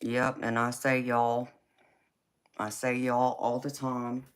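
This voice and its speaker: A woman's voice: extremely low pitch, a little slow, smooth. A woman with a Southern accent from Georgia, chatting casually and drawling on a livestream as she answers viewers. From California. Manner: drawling, relaxed, calls people baby. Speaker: tarot reader on a livestream. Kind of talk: casual live chat reading viewer comments.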